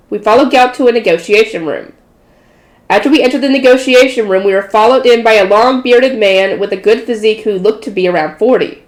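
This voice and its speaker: A woman's voice: a little high, brisk. A tired woman reading a light novel aloud in a casual way, correcting slips and adding chatty asides. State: tired and yawning. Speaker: audiobook reader. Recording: roomy echo.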